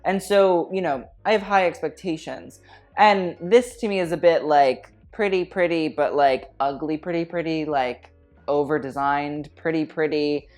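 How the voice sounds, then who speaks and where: A woman's voice: sits low, a little slow, a little mellow. A woman giving casual fashion commentary, blunt and opinionated with a slangy way of talking, with faint music behind. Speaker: fashion critic vlogger.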